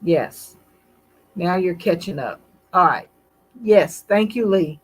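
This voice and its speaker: An older woman hosting a casual live stream, talking gently and reading chat comments aloud. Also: on the low side, lively intonation, husky, poor audio. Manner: unhurried, gentle, reads chat aloud between stories. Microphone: computer mic on a live stream.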